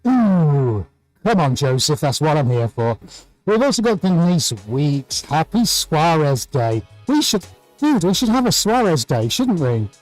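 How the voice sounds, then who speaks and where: A man's voice: a little high, big pitch swings, unhurried, darkish tone, no room sound, faint music behind, poor audio. A man hosting a live painting tutorial from his art studio, chatting cheerfully and greeting viewers by name. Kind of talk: live-stream chat and demonstration.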